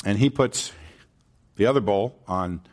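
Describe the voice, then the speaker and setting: A man's voice: lowish voice, a little slow. A man preaching a sermon, retelling a Bible story in a casual way, with asides to the congregation and dramatic jumps in voice when he quotes someone.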